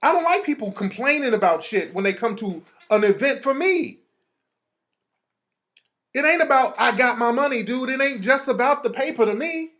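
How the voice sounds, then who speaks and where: Very high-pitched and a bit bright, this man's voice is expressive at a moderate pace as he hosts his own show. He rants casually with lots of profanity and heat, reading out text messages.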